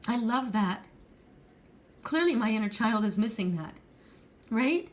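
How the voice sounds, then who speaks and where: A woman's voice: fairly high pitch, expressive, a little slow. A middle-aged woman giving a heartfelt, rambling pick-a-card reading, tearful at times. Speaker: tarot card reader.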